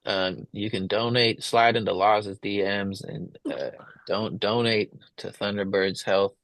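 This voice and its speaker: Gravelly laid-back male podcast host. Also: on the low side, steady tone, unhurried, fairly bright tone, no echo, rough recording. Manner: laid-back, laughs often, says "dude". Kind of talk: casual chat.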